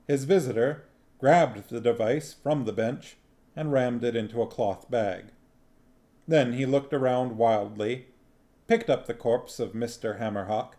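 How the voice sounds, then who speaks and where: A man reading a novel aloud on a stream, narrating in a slow, deliberate way. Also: medium pitch, dark tone. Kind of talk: audiobook-style narration.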